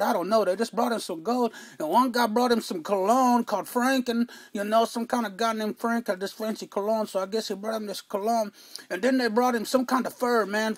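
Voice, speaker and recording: A man's voice: high-pitched, dry recording. Performer doing a man, rambling comic storyteller, dry close sound. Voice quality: rambling, fills every phrase with "man" and "you know". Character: rambling Mexican-American man, excitable storyteller. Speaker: comic character. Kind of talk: comedic monologue.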